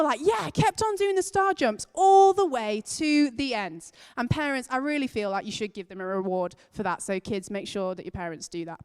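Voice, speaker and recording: A woman with a slightly high voice gives an animated children's talk in church, leaning hard on key words as she tells the story. Her voice rings with the long reverb of a large church hall. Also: normal speed, hardly any pauses. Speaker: children's and families leader.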